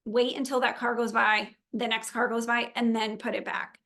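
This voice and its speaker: A woman's voice: fairly high pitch, flat delivery, normal speed, fairly bright tone. A woman briefing a virtual meeting for event volunteers and drivers, upbeat, chatty and practical. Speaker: event organizer.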